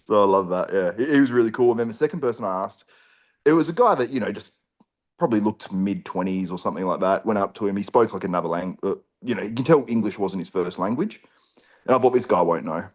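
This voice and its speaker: A man, a podcast co-host, tells a story in a lively way and acts out other people's lines. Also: fairly low pitch, fairly quick.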